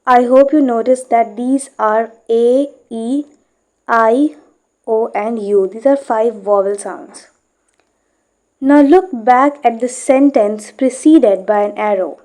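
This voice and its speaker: A woman's voice: fairly high pitch, slow, darkish tone. A woman teaching English pronunciation, reading a passage from a book aloud and explaining it step by step, with frequent "okay?" checks.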